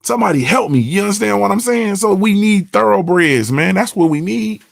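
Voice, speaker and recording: Man, gravelly voice, dry close sound, blunt profane talk, repeats himself a lot. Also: sits high, expressive, brisk, no room sound. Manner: blunt, profane, repeats "you understand what I'm saying". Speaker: morning show host. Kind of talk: casual livestream monologue.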